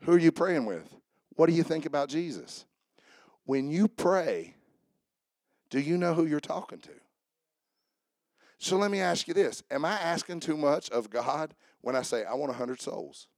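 A man pastor preaches with fervor and call-and-response questions. His voice sits a little high for a man, and the sound is dry and close with little room echo. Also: animated, normal speed, long pauses, a little mellow. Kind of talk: sermon.

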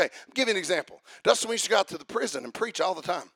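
A man preaching a sermon, fervent, building up to shouting and sing-song chanting. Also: high voice, animated, rapid-fire, hardly any pauses, husky, no room sound.

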